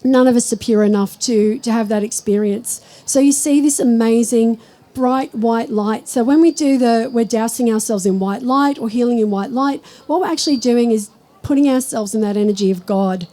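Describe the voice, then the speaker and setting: A woman giving a live spiritual talk to an audience, chatty and storytelling, slowing down when she speaks of God. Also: a little high, dark tone, poor audio. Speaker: spiritual teacher.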